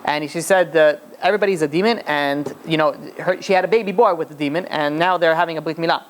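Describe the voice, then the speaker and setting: Rabbi guy telling a story, fast, keeps restarting, animated. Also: a little high. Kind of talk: storytelling lecture.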